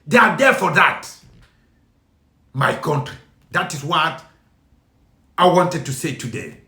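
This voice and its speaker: A man's voice: fairly high pitch, animated, slow. A man with a Cameroonian accent, a native French speaker speaking English, making an impassioned appeal to his compatriots, pleading and emphatic, repeating himself. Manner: emphatic and pleading, repeating lines, bursts of shouting. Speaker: video speaker addressing compatriots. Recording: echoey room.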